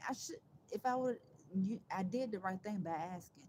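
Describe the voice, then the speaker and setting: A woman talking on a casual live stream, emphatic and sarcastic, rambling and restarting her phrases, with loud outbursts and quiet asides. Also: medium pitch, moderate pace, slight background noise, low-quality recording. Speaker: livestreamer.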